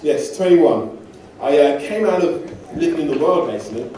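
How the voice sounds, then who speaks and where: A man's voice: a little high, expressive, moderate pace, mellow, slight background noise. Man preaching in an echoey church. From England. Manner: conversational storytelling with self-deprecating humor. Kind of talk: sermon. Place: church hall. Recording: distant mic in an echoey church hall.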